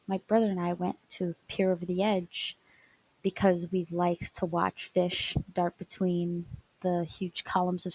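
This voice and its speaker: Young female student narrator, low-pitched, halting, stuttery delivery, slips into whispers. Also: breathy edge, poor audio. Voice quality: stutters often, many fillers and restarts. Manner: soft, often dropping to a whisper. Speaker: student storyteller. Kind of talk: personal story narration over animatic.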